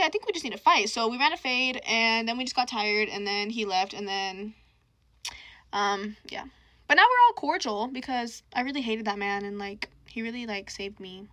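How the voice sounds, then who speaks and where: A woman's voice: fairly high pitch, pushed and bright. A young woman casually telling a dramatic personal story, chatty and full of slang.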